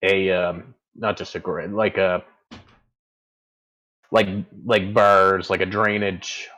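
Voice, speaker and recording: Man, very low voice, game master, rambling tabletop narration, hunts for words. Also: level tone, takes it slowly, bright, forceful tone, dull audio. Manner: rambling, searching for words mid-sentence.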